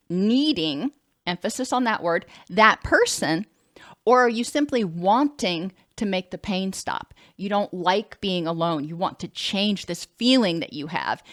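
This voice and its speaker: A woman's voice: medium pitch, no echo. Woman counselor lecturing in a dry room. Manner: conversational, with self-corrections. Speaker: licensed counselor.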